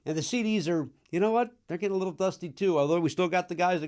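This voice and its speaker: A man's voice: high voice, a little mellow. A middle-aged man from the Chicago area hosting a comedic monologue about old records, riffing and mocking himself. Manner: self-mocking, riffing, throws in quick silly voices. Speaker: podcast host.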